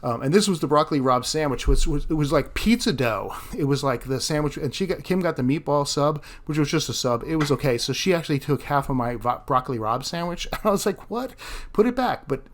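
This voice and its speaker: A man's voice: fairly high pitch, fast talker, few pauses. A man narrating his fishing vlog in a casual, chatty way, often laughing at himself. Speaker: fishing vlogger.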